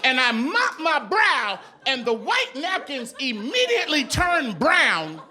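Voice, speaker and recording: A man doing a stand-up comedy set on a club stage, telling a story with lively delivery and mimicking the voices and accents of other people. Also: extremely high pitch, slow, a faint crowd, slight background noise. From New York.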